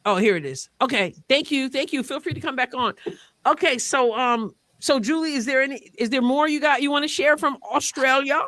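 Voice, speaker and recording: A woman hosts a live call-in sports stream with a bright, forceful voice. The sound is dry and close, and she talks in a chatty way, repeating words while she reads comments. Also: sits high, brisk, no room sound. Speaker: host.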